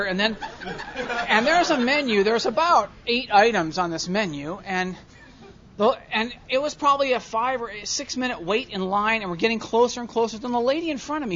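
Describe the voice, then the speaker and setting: A man's voice: sits high, moderate pace. Self-mocking man telling a story to a crowd. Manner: animated, self-mocking, swings from quiet asides to loud comic rants. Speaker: recovery meeting speaker. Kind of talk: storytelling talk to an audience. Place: large convention hall with audience. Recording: dull lo-fi live hall recording, faint crowd.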